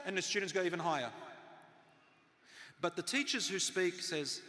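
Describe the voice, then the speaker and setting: Bright-voiced man speaking in an echoey hall. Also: fairly high pitch, a little fast. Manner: animated, swings from loud to soft, drops to near-whisper for emphasis. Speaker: speaker on parenting and teaching. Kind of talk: live talk to an audience. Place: large hall with a live audience. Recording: long hall reverb from a live talk.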